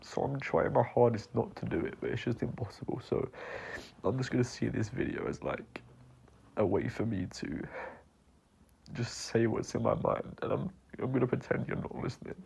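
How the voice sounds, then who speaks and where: Man, crying, husky half-whisper, creaky, very slow, choked pauses. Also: medium pitch, lively intonation, darkish tone. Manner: halting, choked, with long pauses and sighs. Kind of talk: tearful personal apology monologue.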